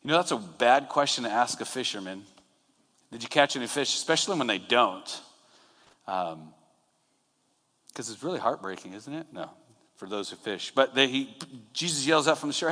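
A male pastor preaches a sermon in a conversational, storytelling manner, often slipping into quoted lines. His voice sits at an ordinary pitch for a man. The room lends it a long hall reverb. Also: animated, normal speed, fairly bright tone. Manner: conversational, retells scenes with acted-out quotes.

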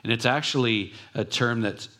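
A man preaching a sermon in an earnest way, often dropping to a soft hush on key words. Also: mid-range voice, moderate pace. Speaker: pastor.

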